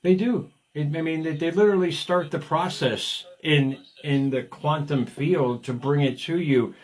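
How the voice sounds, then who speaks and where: A man's voice: a little high, unhurried. A man in his fifties hosting a motivational talk show, speaking energetically and digressing, often repeating words as he starts a thought. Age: 50s. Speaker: radio show host.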